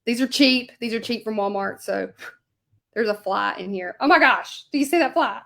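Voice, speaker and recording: A woman's voice: a little high, normal speed, creaky, fairly bright tone. Chatty woman painting a sign. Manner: chatty, rambling, self-deprecating, answers viewer comments. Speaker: hand lettering artist and channel host. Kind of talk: casual chat while painting, talking to viewers. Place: home craft studio.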